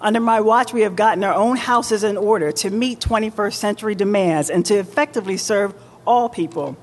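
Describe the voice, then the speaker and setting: A woman mayor giving a formal public address with deliberate, emphatic oratory in a large indoor market hall. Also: mid-range voice. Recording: long reverb of a large hall.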